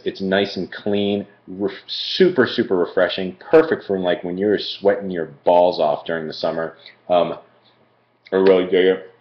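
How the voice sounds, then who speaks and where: Chatty man reviewing frozen treats. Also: low-pitched. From Philadelphia. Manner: chatty, rambling, digresses with fillers. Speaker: food reviewer. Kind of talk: casual live-stream food review. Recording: echoey room, dull lo-fi stream audio.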